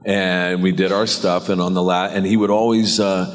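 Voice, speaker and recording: Deep-voiced man telling rambling anecdotes. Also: flat delivery, moderate pace, long reverb tail. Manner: rambling, self-deprecating, laughs often. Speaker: actor on a convention panel. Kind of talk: anecdote storytelling. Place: convention hall panel.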